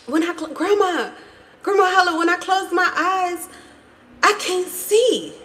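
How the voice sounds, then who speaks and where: A woman's voice: very high-pitched, measured pace, a bit bright, voice pushed up. A woman voicing a frantic little granddaughter who is wailing that she cannot see.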